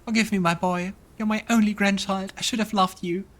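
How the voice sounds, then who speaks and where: A man's voice: high voice, steady tone, fairly quick, fairly bright tone, pitched above the performer's own voice. A man voicing a remorseful old grandmother in a dream vision, pleading and tearful.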